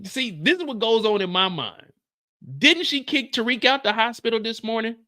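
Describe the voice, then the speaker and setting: A man hosting a live stream, recapping a TV episode in animated, profane, blunt commentary. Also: extremely high pitch, normal speed. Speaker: TV show recap host.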